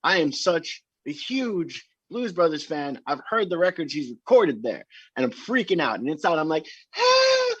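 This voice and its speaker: Excitable man with a husky, dull-sounding voice. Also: a little high, normal speed, no room sound. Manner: animated, excitable storyteller. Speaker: band member. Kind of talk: casual interview storytelling.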